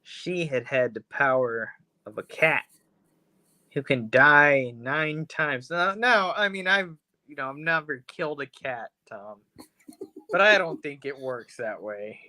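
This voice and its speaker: A man with a bright, forward tone co-hosts a casual podcast. He rambles through a plot recap, swearing freely and slipping into the characters' lines. The sound is dry and close. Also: a little high, slow pace, dry recording. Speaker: podcast co-host. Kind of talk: casual chat, retelling a film episode.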